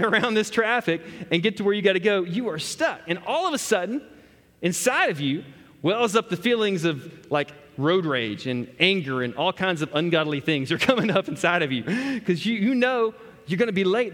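Brief: male pastor, high voice, conversational storytelling sermon, long hall reverb. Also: fairly bright tone. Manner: storytelling, talking straight to the congregation. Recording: echoey hall.

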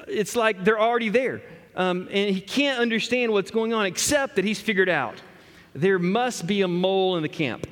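Brief: male pastor, high voice, conversational storytelling sermon, long hall reverb. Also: fairly bright tone. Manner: storytelling, talking straight to the congregation. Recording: echoey hall.

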